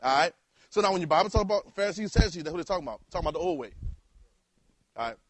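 A male preacher, delivering a sermon in call-and-response style that rises to loud exhortation. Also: on the high side, lively intonation, very fast, no echo.

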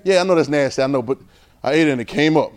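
Male preacher with a high voice, casual and animated delivery, repeats himself for emphasis. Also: very fast. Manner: animated, repeats phrases, swings between loud and soft. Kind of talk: informal conversational sermon.

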